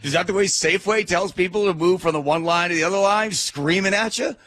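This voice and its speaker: A middle-aged man hosting a talk radio show, telling a story in an animated, indignant rant. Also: high voice, a little fast. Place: radio studio.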